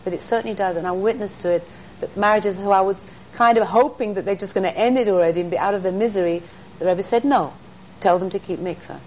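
A woman's voice: medium pitch, quick pace, hardly any pauses, slight background noise, rough recording. A middle-aged woman, a guest in an interview, telling faith stories in an earnest teaching tone. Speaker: interview guest, speaker to women. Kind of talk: storytelling in an interview.

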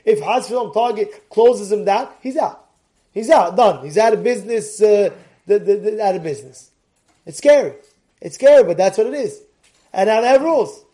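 An excitable man with a strikingly high voice, teaching a Torah lesson. He restarts and repeats phrases and keeps bursting into shouts to drive his point home. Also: moderate pace. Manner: excitable, often breaks into shouting.

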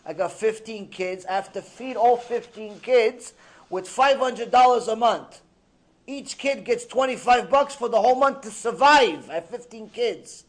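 A man's voice: very high-pitched, a little slow. A man voicing a meek, devout young male Torah scholar who is the father of a large poor family and speaks in a pleading, plaintive way. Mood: lamenting. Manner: pleading, plaintive, sometimes tearful.

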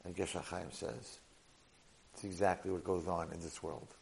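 A man teaching a Torah portion lesson to a live class, an animated storyteller sprinkling in Hebrew and Yiddish words. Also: low-pitched, moderate pace, gravelly, slight background noise, rough recording.

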